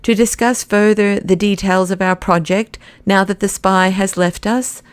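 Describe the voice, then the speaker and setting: A woman voicing a fussy, sharp male secretary. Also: medium pitch, fairly even intonation, a little slow, smooth, no room sound, close to an everyday voice. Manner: sharp, protesting.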